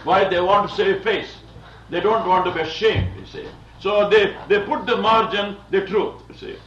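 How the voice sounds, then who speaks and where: A man's voice: high-pitched, fairly even intonation, moderate pace, fairly bright tone, slight background noise. A man from India giving a digressive, lecture-style sermon as a visiting Bible teacher, often chuckling and saying "you see". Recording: dull, roomy, distant old recording.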